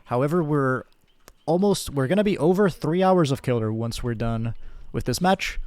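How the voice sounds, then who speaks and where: A man's voice: mid-range voice, moderate pace, dry recording. Laid-back male streamer chatting with viewers. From Brazil. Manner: relaxed, rambling, thanks chat by name, frequent laughs and fillers. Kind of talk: casual live-stream chat with viewers.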